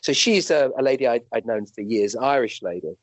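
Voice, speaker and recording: A British doctor who is also a medium tells animated, rambling anecdotes as a guest, restarting sentences and acting out quotes. His medium-pitched male voice runs a little fast, and the recording has no room sound.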